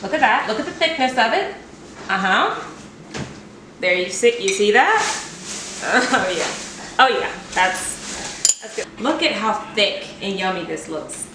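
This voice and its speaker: A woman's voice: mid-range voice, big pitch swings, unhurried, long pauses, background noise. A woman hosting a home cooking video, chatting playfully and poking fun at herself as she decorates a cake. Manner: chatty and playful, self-deprecating. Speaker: cooking vlogger. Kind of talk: casual cooking demo chat. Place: home kitchen. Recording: echoey kitchen, mic at a distance.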